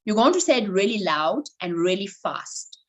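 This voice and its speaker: A woman leading an online voice workshop over a video call, animated and coaxing. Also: medium pitch, moderate pace, low-quality recording. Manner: animated, instructive, coaxing participants. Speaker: voice coach running a workshop.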